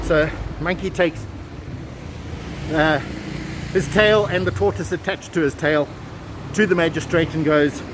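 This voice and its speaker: Strolling down a town street as cars go by, a male travel vlogger spins a folk tale with plenty of chatty asides. He speaks at a measured pace in a slightly high, steady voice, pausing often, with traffic audible behind him.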